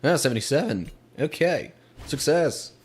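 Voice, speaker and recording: A man casually commenting on his own racing gameplay. He is chatty, laughs easily and gets excitable while driving. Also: fairly high pitch, normal speed, breathy edge. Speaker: gaming channel host. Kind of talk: casual let's play commentary.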